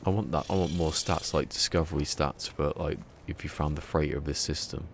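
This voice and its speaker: A man's voice: extremely low pitch, steady tone, a little fast, slight background noise. A man streaming a game live, rambling and muttering to himself as he plays. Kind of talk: casual live gameplay commentary.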